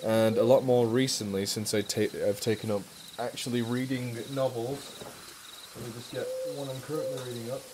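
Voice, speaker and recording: A man's voice: medium pitch, noisy background. A man from England with a mixed northern English accent, hosting a casual charity live stream Q&A, chatting eagerly and swearing casually.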